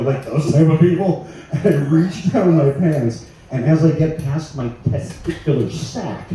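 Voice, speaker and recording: A man with a very dark, mellow voice works a small live room with loose, profane stand-up. He sounds a little distant from the mic, in a very echoey space with a faint hiss behind him. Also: medium pitch. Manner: loose, profane, laughing through his bits. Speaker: stand-up comedian. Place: small live venue with an audience.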